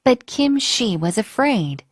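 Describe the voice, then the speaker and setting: A woman reading a children's storybook aloud in a slow, expressive way, acting out the characters. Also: fairly high pitch, husky, no echo, studio quality.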